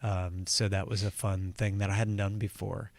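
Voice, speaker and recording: A man as a guest on a morning radio show, chatting in a relaxed, rambling way with lots of restarts. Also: on the low side, normal speed, vocal fry, no echo. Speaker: guest musician and actor. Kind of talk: casual radio interview chat. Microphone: studio microphone, dry.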